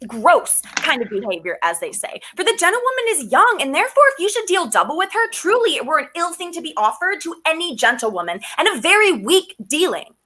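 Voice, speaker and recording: A woman's voice: very high-pitched, sing-song, brisk, few pauses, sharp tone, heavily acted. A woman playing a garrulous, fussing old nurse. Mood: chatty. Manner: rambling, laughing, theatrical. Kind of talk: Shakespearean stage acting over video call.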